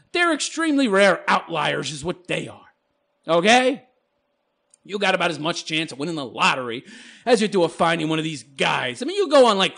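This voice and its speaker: High, lively, mocking male vlogger. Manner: scornful, rambling, with frequent laughter. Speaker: channel host responding to comments. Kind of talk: mocking commentary monologue.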